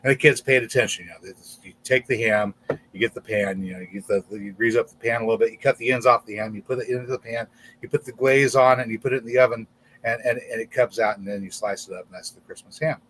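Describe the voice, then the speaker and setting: A man's voice: mid-range voice, fairly even intonation, fast talker, fairly bright tone, slight background noise. A man hosting a casual livestream in front of a green screen, rambling and stumbling over repeated words. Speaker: channel host.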